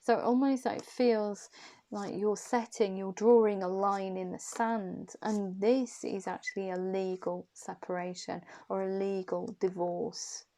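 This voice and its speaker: A woman's voice: medium pitch, level tone, measured pace, dark tone. A woman giving a casual, chatty tarot reading, musing aloud and repeating her questions to the cards. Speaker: intuitive tarot reader.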